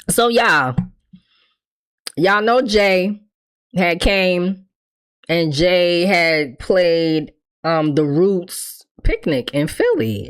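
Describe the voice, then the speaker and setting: Woman, podcast host, gossip commentary, profane, chatty, pitch swings widely. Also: sing-song, slow pace. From New York. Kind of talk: casual commentary monologue.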